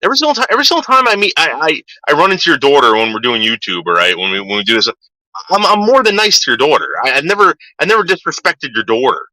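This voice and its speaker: A man's voice: on the high side, sing-song, very fast, sharp tone, no echo, low-quality recording. Agitated, profane ranting man. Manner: profane, agitated, repeats himself. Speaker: livestream host. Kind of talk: casual ranting livestream.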